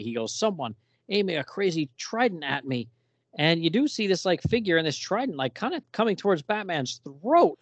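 Co-hosting a relaxed podcast, this man discusses a comic book and voices its dialogue with plenty of energy. His voice sits a little high, and the recording is dry.

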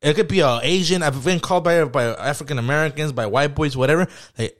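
A man's voice: fairly high pitch, quick pace, few pauses. A young man co-hosting a casual podcast chat, slangy and profane, rambling as he tells work stories. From Mexican heritage. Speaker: podcast co-host.

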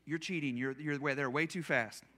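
High, bright-voiced pastor preaching casually. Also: male voice, fairly even intonation, moderate pace, a little hiss or hum. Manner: casual, self-deprecating, acts out hypothetical quotes. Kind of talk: conversational sermon. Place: church.

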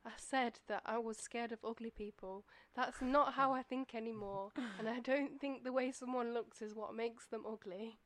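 A woman's voice: on the high side, steady tone, normal speed, few pauses, a little hiss or hum. A woman co-hosting a casual podcast, chatty and reflective, with lots of "like". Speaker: podcast co-host.

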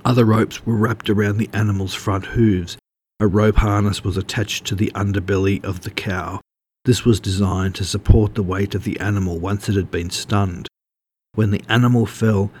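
Deep-voiced man narrating. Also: slight background noise. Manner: steady, measured reading. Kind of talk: audiobook narration.

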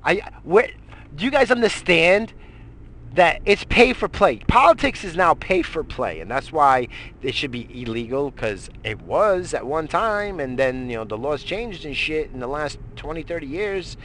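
Middle-aged male radio host, profane rambling rant, slightly high voice, faint noise underneath. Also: very animated, moderate pace, fairly bright tone. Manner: heated, swears constantly, rambling with restarts.

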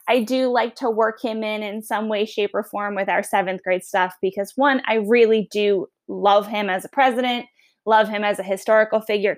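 A woman with a Long Island accent, a history teacher giving a chatty, upbeat podcast self-introduction. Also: a little high. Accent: Long Island New York. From New York.

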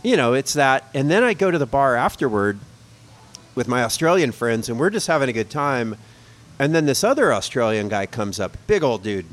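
A man in middle age tells a long, loose story in a casual pub conversation. His voice sits at an ordinary middle pitch, and he talks in a rambling, self-mocking way. He keeps the tone of easygoing chat. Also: sing-song, moderate pace. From United States. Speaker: podcast co-host.

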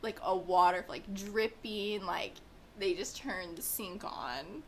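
A woman's voice: mid-range voice, slow, a little hiss or hum. A young woman in casual podcast chat, blunt and profane, laughing often.

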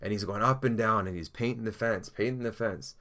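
Low-voiced man preaching earnestly. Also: a little fast. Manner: earnest, encouraging, animated storytelling. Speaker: pastor. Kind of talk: sermon with prayer.

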